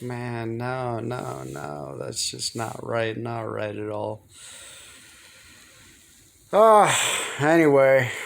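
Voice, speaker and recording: Rambling gravelly-voiced man vlogging. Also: medium pitch. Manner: rambling, hesitant, repeats words. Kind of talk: casual personal vlog.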